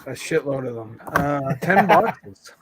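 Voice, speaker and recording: A man's voice: mid-range voice, lively intonation, slow pace, a crowd in the background. A man co-hosting a casual livestream, laid-back and swearing freely.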